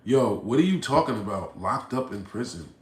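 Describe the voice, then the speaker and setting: A man hosting a livestream, reading chat aloud and reacting bluntly, swinging between low mutters and loud outbursts. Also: animated, normal speed, echoey room. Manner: blunt, profane, confrontational. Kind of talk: casual livestream rant.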